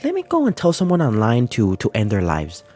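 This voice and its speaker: A man's voice: mid-range voice, huge pitch swings, fairly quick, mellow, faint music behind. A man voicing a careless middle-school kid who posts hateful messages online, in a sneering tone.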